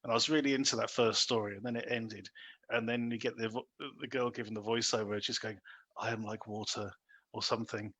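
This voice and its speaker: A man hosting a casual podcast chat about films, animated and full of fillers, acting out lines he quotes. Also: medium pitch, fast talker. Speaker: podcast host. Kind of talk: casual film review chat.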